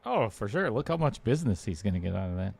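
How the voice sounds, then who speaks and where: A man calls a pool match in a relaxed, chatty way and laughs easily. His voice sits low and has a gravelly rasp. He sounds like a regular host joking with his co-commentator. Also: fast. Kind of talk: casual live commentary.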